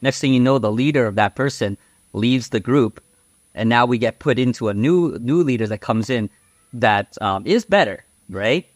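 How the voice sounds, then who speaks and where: This podcast guest has a mid-range voice and a moderate pace, telling stories in relaxed conversation. Frank and outspoken, he rambles with filler words and tag questions, recorded without echo.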